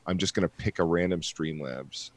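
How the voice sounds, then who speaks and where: Deep-voiced man rambling on a podcast. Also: normal speed, no echo. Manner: rambling, swears casually, many fillers. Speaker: podcast host. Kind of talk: casual podcast chat.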